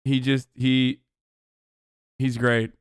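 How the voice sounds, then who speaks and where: A man hosts his live stream in loose, rambling chat, swearing casually as he jumps between asides. His voice is smooth and clear at a middling pitch. It sits close and dry on a desk microphone in a home streaming room. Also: level tone, drawn-out words, dry recording. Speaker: streamer host.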